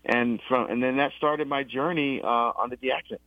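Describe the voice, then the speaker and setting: A middle-aged deacon from the US East Coast in a conversational faith talk, telling his story with many restarts and animated quoted exchanges. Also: mid-range voice, moderate pace, no room sound. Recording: dull lo-fi sound.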